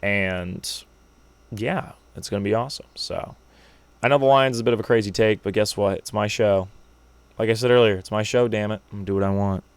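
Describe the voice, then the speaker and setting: A young man with a fairly low voice hosts his own sports podcast, ranting through his picks in a brash, joking, hyped-up way. The sound is dry and close, with no room around him. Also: normal speed, clean tone, dry recording. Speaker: podcast host. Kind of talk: solo sports prediction podcast.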